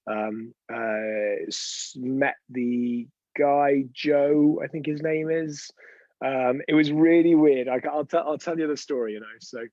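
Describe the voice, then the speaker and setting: A man's voice: medium pitch, fairly even intonation, takes it slowly, a little mellow, no room sound, lo-fi sound. A man hosting an unscripted live stream, telling chatty, rambling anecdotes with frequent restarts. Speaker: host of a weekly live show.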